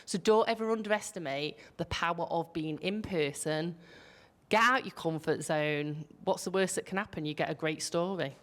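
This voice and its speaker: A woman with a broad Yorkshire accent speaks on a casual panel, blunt and salty, swearing as she tells her stories. Her voice sits a little low for a woman. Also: moderate pace, a bit bright. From Yorkshire, England. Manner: blunt, salty storyteller who swears freely. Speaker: panelist, business founder.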